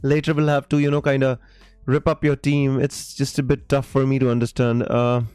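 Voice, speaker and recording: A man's voice: medium pitch, little pitch movement, moderate pace, a little mellow, smooth, dry recording, faint music behind. A man hosting a live stream, casually answering viewer questions with many fillers and restarts and calling people mate. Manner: reads viewer comments aloud.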